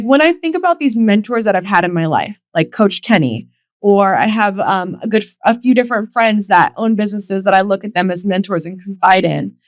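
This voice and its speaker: A young woman with a medium-pitched voice, recorded without echo, hosts a solo podcast. She tells personal stories candidly and emotionally, swearing freely and acting out quotes.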